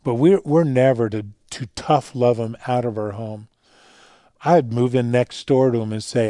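A man speaking as a guest in a radio interview, telling stories earnestly and dropping quiet for the emotional parts. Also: mid-range voice, moderate pace, dry recording, studio quality. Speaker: guest speaker on fatherhood and faith.

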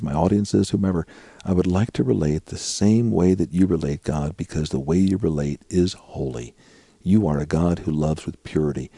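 A middle-aged man, a guest author, earnestly explaining prayer in a conversational interview and getting animated when he acts out prayers. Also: sits low, gravelly, breathy edge, no room sound.

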